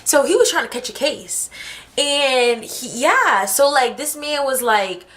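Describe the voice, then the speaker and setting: A young woman telling a story on her vlog in a lively, slangy, fast-talking way. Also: high-pitched. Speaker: vlogger.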